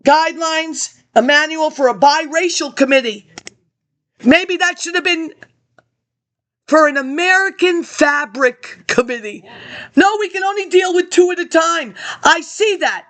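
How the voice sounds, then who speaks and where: A woman's voice: extremely high pitch, a little slow, fairly bright tone. A woman ranting about politics to an absent audience, confrontational and accusing, jumping from topic to topic.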